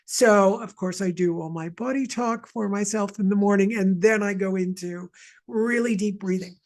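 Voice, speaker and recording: A woman's voice: medium pitch, normal speed, a little mellow. A woman from Montreal leading a guided wellness session, chatty and rambling with lots of asides. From Montreal, Canada. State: mild asthma. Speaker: energy healer leading a session.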